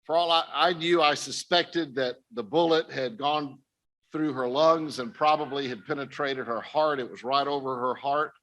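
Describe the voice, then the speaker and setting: A man's voice: medium pitch, normal speed, a bit bright. An older man giving an earnest personal testimony talk to a conference audience, speaking directly to his listeners. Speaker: missionary speaker. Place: conference stage.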